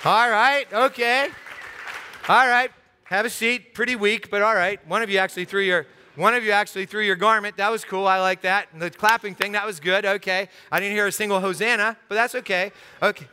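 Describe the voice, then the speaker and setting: An American man preaching a lively interactive sermon in a church, acting out crowd voices and joking with the congregation. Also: high voice, brisk, clean tone. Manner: animated, acts out crowd voices, jokes with congregation. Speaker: pastor. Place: church sanctuary. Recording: long hall reverb.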